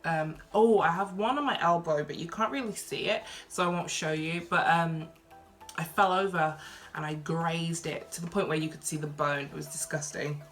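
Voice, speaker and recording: A young woman from Birmingham with a softened Brummie accent, chatting casually through a Q&A vlog, reading each question aloud and answering with lots of ums and likes. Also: sits low, moderate pace, soft background music. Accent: Birmingham English, softened. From Birmingham, England. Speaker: vlogger.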